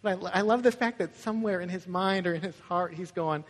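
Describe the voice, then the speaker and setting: A man's voice: high-pitched, fairly quick. A young man preaching a conversational sermon as a pastor, often asking "right?" and telling stories. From Michigan, USA. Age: young adult. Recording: echoey hall with long reverb.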